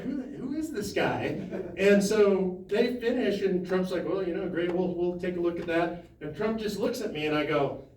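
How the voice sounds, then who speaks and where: A man with a fairly high voice tells an animated story to a town hall crowd, acting out the other people's lines and laughing along the way. He is picked up from across an echoey hall. There is a faint hiss of room noise behind him. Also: recorded from a distance. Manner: animated anecdote with laughs and quoted dialogue. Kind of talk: storytelling to an audience.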